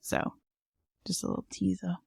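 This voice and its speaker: Recorded in a studio with no room sound, a woman co-hosts a podcast at normal speed with a darkish tone. She once lived in San Antonio, Texas, and chats freely, full of fillers and frequent laughter.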